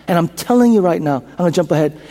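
A preacher delivering a sermon with a strikingly high voice for a man. He swings from loud declarations down to hushed whispers, repeats his points and questions the congregation. His voice rings with a long reverb through a church sanctuary. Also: lively intonation, fast talker. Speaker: pastor.

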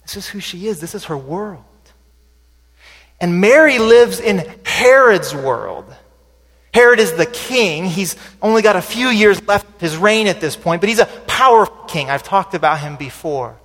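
A man's voice: high voice, lively intonation, moderate pace, a bit bright. A man preaching a sermon in a conversational way, asking the listeners questions and letting his voice rise for emphasis and then drop away at the ends of phrases. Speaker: pastor. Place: church sanctuary. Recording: sermon recording with long hall reverb.

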